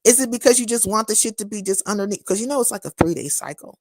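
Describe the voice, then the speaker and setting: A woman live streaming, chatting casually with her viewers and answering their comments in a blunt, profane, animated way. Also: on the high side, rapid-fire, no echo, studio quality. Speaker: live streamer and content creator.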